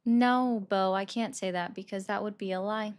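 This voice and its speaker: A woman's voice: mid-range voice, fairly even intonation, moderate pace. A young woman, hosting a casual live stream, chatting with viewers and taking calls. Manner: chatty, reacts to viewer comments. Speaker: livestream political commentary host.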